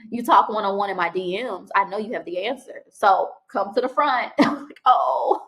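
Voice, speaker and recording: Young woman vlogger, chatty storyteller, natural and animated. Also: mid-range voice, normal speed. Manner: animated, chatty, with quoted dialogue and restarts. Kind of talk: casual storytelling vlog.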